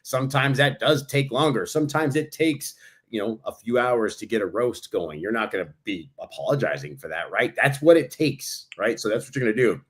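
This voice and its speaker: A man co-hosts a podcast, laying out advice in a calm, explanatory, coaching manner. His voice sits at an ordinary middle pitch. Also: brisk. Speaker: podcast co-host and consultant trainer. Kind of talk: casual podcast chat.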